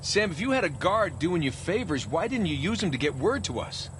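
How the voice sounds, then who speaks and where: A man's voice: on the high side, big pitch swings, fairly quick, fairly bright tone, slight background noise. An actor playing a male adventurer with a direct, questioning manner in video game cutscene dialogue.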